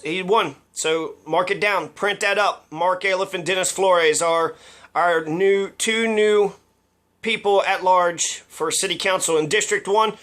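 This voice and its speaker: Brief: male local commentator, high bright voice, blunt and sarcastic, swears freely. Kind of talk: casual political commentary.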